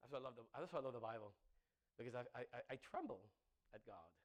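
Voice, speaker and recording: A man's voice: medium pitch, animated, fast talker. A middle-aged man preaching a sermon, joking with the crowd, laughing often and repeating his words.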